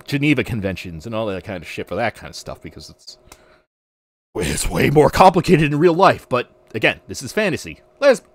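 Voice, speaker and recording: Male podcast host, casual profane ranting, lively pitch, dry close sound. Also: no echo. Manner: animated, profane, ranting with restarts. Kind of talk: casual livestream rant.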